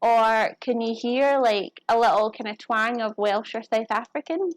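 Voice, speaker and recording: A cooking streamer with a fairly high voice talks to her viewers in an unhurried, chatty way as she prepares food at home on a live stream. No echo is present.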